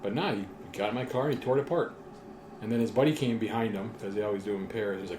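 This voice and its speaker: A man's voice: on the low side, fast. A man chatting casually as a podcast co-host, blunt and swearing freely. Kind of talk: casual chat. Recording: echoey room with clear background noise.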